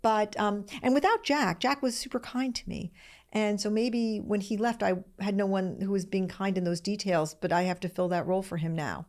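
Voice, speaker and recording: A woman's voice: medium pitch, steady tone, normal speed, darkish tone. A woman in her sixties hosting a solo podcast, telling a personal story in a candid, emotional, self-searching way, close to tears at times. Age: 60s. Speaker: podcast host.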